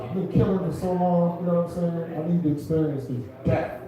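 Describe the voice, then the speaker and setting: Mellow-voiced man doing stand-up. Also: a little high, fast, heavy reverb, recorded from a distance, rough recording. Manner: loose, rambling, self-mocking. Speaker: comedian hosting an open mic. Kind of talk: stand-up comedy. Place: comedy club stage.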